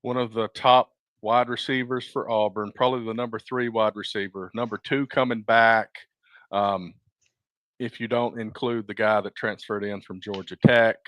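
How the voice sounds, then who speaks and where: A man's voice: fairly low pitch, fairly even intonation, moderate pace, fairly bright tone, dry recording. Easygoing male co-host, dry close sound. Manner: easygoing, rambling with fillers, laughs at own jokes. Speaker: podcast co-host. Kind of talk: casual sports chat.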